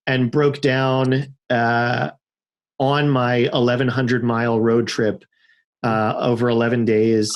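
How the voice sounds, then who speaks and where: A middle-aged man, a podcast guest, telling a story in a casual, animated way and acting out the quotes in it. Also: mid-range voice, slow pace, lo-fi sound. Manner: animated, acts out shouted quotes in his stories. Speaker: podcast guest, car owner.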